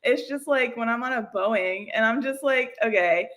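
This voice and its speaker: A woman's voice: on the high side, moderate pace, fairly bright tone. A woman hosting a casual livestream, rambling and chatty, laughing often and poking fun at herself. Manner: self-deprecating. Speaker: livestream host. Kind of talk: casual chat.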